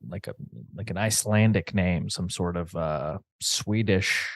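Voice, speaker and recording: A man's voice: deep voice, dry recording. Dry-voiced man reading listener mail. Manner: halting, hesitant with names. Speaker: podcast host. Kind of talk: reading listener letters aloud.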